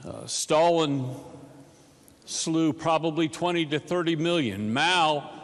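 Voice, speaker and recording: A man's voice: on the high side, slow pace. Fervent man speaking in an echoey chamber. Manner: fervent, emphatic oratory. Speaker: state senator. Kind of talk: floor speech. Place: legislative chamber.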